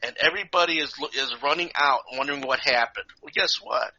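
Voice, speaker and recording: A man, a podcast co-host, telling a lively story in casual chat, acting out the people in it, in a dull lo-fi recording. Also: on the high side, fast. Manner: animated, acts out voices.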